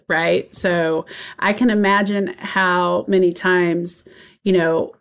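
A woman co-hosting a casual podcast, thoughtful and reflective, asking probing questions about emotions. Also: medium pitch.

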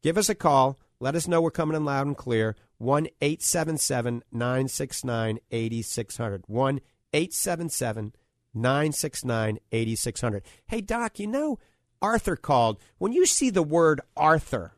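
Gravelly-voiced male radio host. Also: medium pitch, animated, dry recording, clean studio sound. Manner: chatty, reads out phone numbers slowly. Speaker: radio show host and eye doctor. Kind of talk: casual talk radio chat and promotion. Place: radio studio.

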